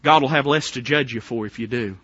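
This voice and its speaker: A man preaching a fervent revival sermon, dropping to a hush and then rising to near shouts, with many rhetorical questions. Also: medium pitch, fairly quick, husky, no room sound, highs cut off.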